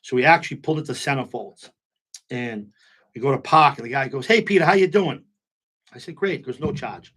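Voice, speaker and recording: Animated storyteller man. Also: medium pitch, fairly quick. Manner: animated storyteller, acts out quotes, repeats "you know what I'm saying". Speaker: nightclub owner guest. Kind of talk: casual storytelling interview.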